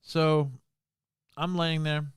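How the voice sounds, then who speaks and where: A man hosting a podcast, telling a ghost story in casual talk full of swearing and slang, dropping to a hush in the scary parts. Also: on the high side, flat delivery, very slow, clear, resonant tone, no room sound, studio quality. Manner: swearing, slangy, full of "bro" and "you know"; drops to a hushed voice in the scary parts. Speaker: podcast host.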